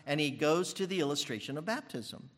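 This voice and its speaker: Animated older preacher in echoing hall. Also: male voice, on the high side, a little fast. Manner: animated, thinking aloud with fillers and restarts. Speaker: pastor. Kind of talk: sermon.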